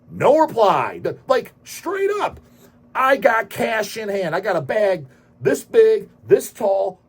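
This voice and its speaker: A brash man rants with heavy swearing in a slightly high, husky voice. His pitch swings widely, and he breaks into sudden loud bursts. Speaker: channel host. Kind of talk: profane ranting monologue.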